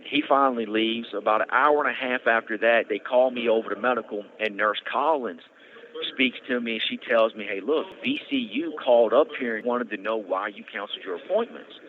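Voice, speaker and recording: A man's voice: medium pitch, brisk. A man tells his story in an earnest, conversational way, repeating himself and restarting sentences, on a prison phone. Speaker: podcast host telling his story. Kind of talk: casual storytelling. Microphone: prison phone handset. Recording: tinny phone line with faint noise.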